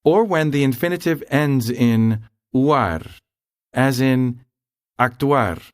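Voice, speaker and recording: A man giving scripted, measured explanations as a language instructor. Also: mid-range voice, expressive, no room sound, studio quality.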